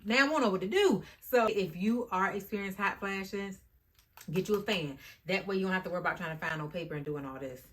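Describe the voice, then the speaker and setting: Chatty woman vlogger with a low voice. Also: fairly quick. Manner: chatty, animated, often addresses viewers as "y'all" and "guys". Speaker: YouTube vlogger. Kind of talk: casual talk to camera.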